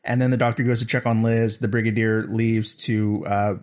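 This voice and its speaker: A man's voice: fairly low pitch, little pitch movement, moderate pace. A man in a casual podcast chat, retelling an episode in a rambling way and acting out the characters' lines. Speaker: podcast host.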